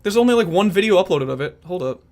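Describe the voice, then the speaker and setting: A young man in casual chat who talks in an animated, sporadic way about trying to become a voice actor. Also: high-pitched, quick pace. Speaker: aspiring voice actor and podcast guest.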